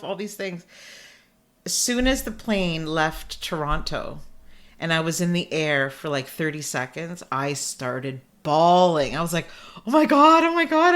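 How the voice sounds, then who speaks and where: Brief: an effusive woman host with a lowish voice who chats and laughs easily over a video call. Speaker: podcast host. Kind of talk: casual interview.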